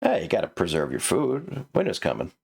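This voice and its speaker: Low-voiced man, snarky manuscript critic, chuckles and restarts constantly. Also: wildly swooping pitch, brisk, vocal fry, slightly rough. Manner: sarcastic, laughs often, stammers and restarts. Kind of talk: comedic writing critique.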